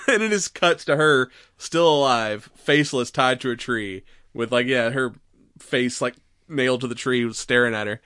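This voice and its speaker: A man's voice: mid-range voice, moderate pace, sharp tone, no echo, studio quality. A man co-hosting a podcast, retelling a film in casual chat, laughing often and acting out its lines. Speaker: podcast co-host.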